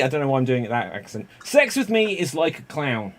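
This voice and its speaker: A man's voice: medium pitch, sing-song, moderate pace, few pauses. A man hosting improv comedy games, chatty and laughing often. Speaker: improv game host.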